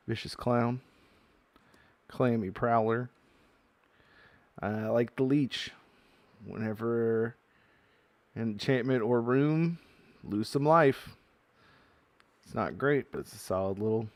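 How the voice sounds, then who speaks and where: A man's voice: on the low side, dry recording. A man hosting a casual card-opening video, chatting as he goes and reading card text aloud. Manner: chatty, reads card text aloud, gets loudly excited at good pulls. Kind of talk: casual unboxing commentary.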